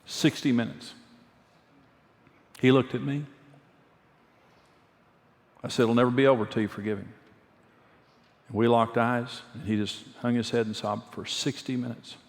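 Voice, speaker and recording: A man's voice: medium pitch, fairly even intonation, a little slow, long pauses, darkish tone. Male pastor, mid-range voice, earnest storytelling sermon, recorded with long hall echo. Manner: earnest storytelling, repeats key phrases. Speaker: pastor and marriage speaker. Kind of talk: conversational sermon with personal stories. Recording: long reverb of a large hall.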